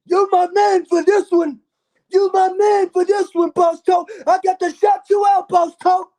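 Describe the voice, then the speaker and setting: A man putting on a loud male street hype man who keeps shouting out names on a livestream. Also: very high voice, little pitch movement, pitched above the performer's own voice. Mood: hyped. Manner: shouting, rapid shout-outs. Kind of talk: livestream character bit.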